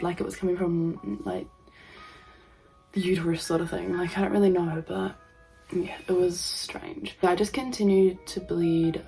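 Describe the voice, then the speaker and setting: A young woman vlogging to camera, telling a personal story in a halting way full of ums and likes. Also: medium pitch, a little mellow, rough recording.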